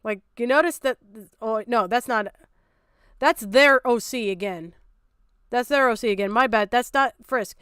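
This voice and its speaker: Young woman streamer, high voice, swears a lot, loud and fed up, dry close sound. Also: measured pace, clear, resonant tone, dry recording. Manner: blunt, profane and exasperated, often shouting in disbelief. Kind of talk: casual reaction commentary.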